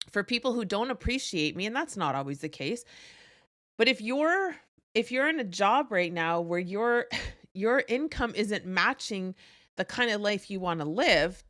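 A woman's voice: mid-range voice, a bit bright, no echo. Young woman podcast host, blunt motivational coach voice, swears freely, close dry mic. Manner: blunt, profane, emphatic coaching.

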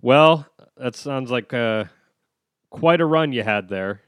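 A man's voice: medium pitch, expressive, slow, a bit bright, smooth, no room sound, clean studio sound. A man hosting a casual podcast chat, mostly giving short replies and asking brief questions.

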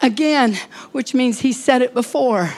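A woman preaching a sermon, dropping into hushed whispers and then rising to urgent calls to the congregation. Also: high-pitched, unhurried.

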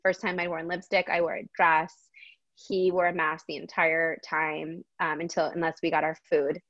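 A woman's voice: low voice, level tone, normal speed, a bit bright, dry recording, dull audio. A middle-aged woman guest in a casual chat, speaking candidly and expressively.

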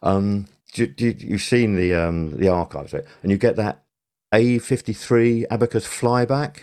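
An older man with a lowish, darkish voice speaks a little slowly, recalling his career as a television sound supervisor in a casual interview. He rambles and corrects himself as he tells his stories.

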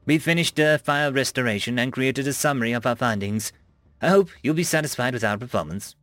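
A man's voice: mid-range voice, fairly quick, a bit bright, no room sound, close to an everyday voice. A man voicing a young male alien analyst who speaks hesitantly and deferentially.

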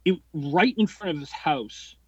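A young man in his late twenties rambles through an anecdote, swearing freely and restarting his sentences as he builds the tale. His voice sits a bit higher than most men's. The recording is dry and slightly dull, with a lo-fi podcast sound. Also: husky, no room sound. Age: 20s. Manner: profane, rambling, quick-tempered delivery. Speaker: podcast guest. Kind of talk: casual storytelling.

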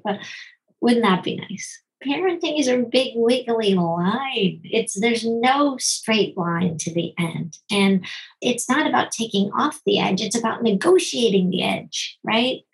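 In this poorly recorded clip, a middle-aged physician and parenting author fields interview questions. Her answers come in rapid spurts that ease off for emphasis, and she frequently mimics other people's voices with sharp pitch jumps.

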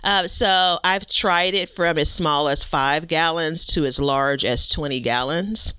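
A man co-hosting a relaxed gardening talk show from home on a computer mic, easygoing and self-deprecating, with lots of fillers. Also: fairly high pitch, measured pace, clear, resonant tone, no room sound. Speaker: podcast co-host. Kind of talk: casual gardening chat.

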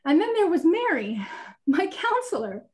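A woman's voice: extremely high pitch, very animated, unhurried, a little mellow. A woman giving a candid personal faith testimony on a webinar, speaking earnestly with many fillers over a video call. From Italian heritage. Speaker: guest sharing her testimony.

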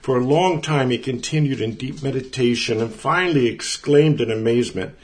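Man, Bible teacher, earnest, emphatic, conversational teaching, middle pitch. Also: normal speed. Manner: earnest, emphatic, repeats words for stress.

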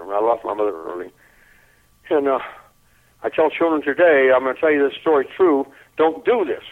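An older man telling a lively anecdote in an interview, chuckling often and repeating his words as he goes. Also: mid-range voice. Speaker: interview guest. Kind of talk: anecdotal storytelling. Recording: tinny phone-like line.

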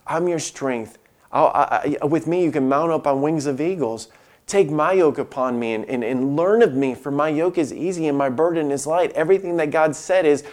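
Impassioned preaching man, soft and loud turns. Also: on the high side. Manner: impassioned preaching, dropping to soft near-whispers on quoted lines. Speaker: pastor. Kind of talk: sermon.

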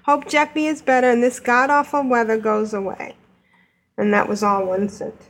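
A woman's voice: fairly high pitch, flat delivery, moderate pace. A woman co-hosting a casual podcast, giggly and playful. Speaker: podcast co-host.

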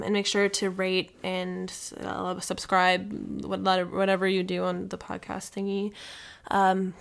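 A woman's voice: medium pitch, vocal fry. Chatty young woman podcast co-host. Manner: chatty, lots of "like" fillers. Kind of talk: casual chat.

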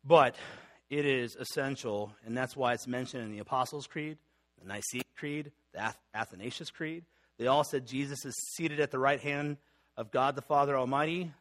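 A man's voice: medium pitch, normal speed, a bit bright. A middle-aged man, a pastor, preaching a sermon in a conversational teaching manner, reading scripture and creeds aloud with fillers and restarts.

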